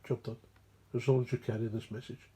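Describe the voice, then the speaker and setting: A man's voice: mid-range voice, level tone, fairly quick, dark tone, breathy edge. A Scottish man, mumbling and digressive, explaining a recovery program in a rambling way. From Scotland. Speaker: recovery speaker.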